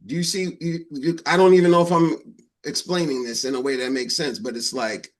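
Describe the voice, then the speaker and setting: A man's voice: a little high, fairly even intonation, brisk. A married man on a discussion panel, speaking bluntly and explaining his point through acted-out examples.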